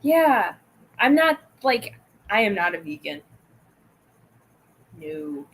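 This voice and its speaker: A woman co-hosting from a knife shop, chatty and quick in casual conversation. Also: mid-range voice, big pitch swings, slightly rough. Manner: chatty, quick, laughs easily. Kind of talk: casual chat.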